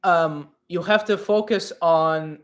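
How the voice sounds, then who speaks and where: A man in his thirties hosting a live comedy advice stream in a deadpan persona with broken English, rambling with many restarts. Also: a little high, slow.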